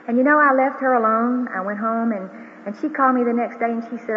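An older woman with a slightly high voice gives an earnest, heartfelt religious testimony to a big audience. Her words ring through a large hall with a long reverb tail. The sound comes through thin and phone-like, with a faint hiss underneath. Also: fast. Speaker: grandmother giving testimony. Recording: tinny broadcast of a hall with reverb.

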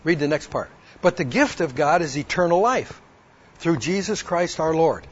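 Husky man telling his testimony. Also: fairly high pitch, expressive, moderate pace. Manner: acts out both sides of a past conversation and reads verses aloud. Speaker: speaker giving a personal testimony. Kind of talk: personal testimony told to a women's audience. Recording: dull lo-fi recording.

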